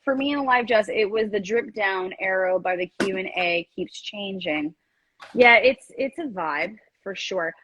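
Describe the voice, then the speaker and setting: A woman hosting a live-stream card reading, speaking in a gentle, rambling way with many fillers. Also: mid-range voice, a little slow, a little hiss or hum, poor audio. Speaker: card reader and reiki host.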